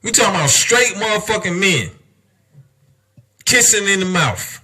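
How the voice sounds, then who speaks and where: High-voiced guy ranting hard on a podcast, husky, bright and edgy, swears nonstop. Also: expressive, moderate pace. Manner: heated, emphatic, heavy cursing, rhetorical questions. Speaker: podcast host. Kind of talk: profane rant on a podcast.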